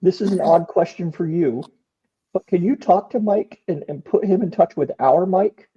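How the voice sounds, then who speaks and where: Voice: mid-range voice, normal speed, dark tone, breathy edge, highs cut off. A podcast host asking pointed, teasing questions in a casual interview.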